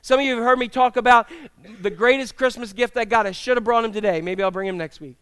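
A middle-aged male pastor preaching a sermon in a church, telling humorous stories with animated, acted-out quotes. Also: very high voice, fast talker, clean tone, dry recording. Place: church sanctuary with congregation.

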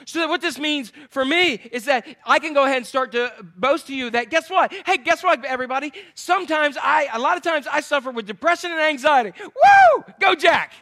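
A man preaching a sermon, animated, swinging between loud exclamations and hushed asides. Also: extremely high pitch, fairly quick, few pauses. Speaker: pastor.

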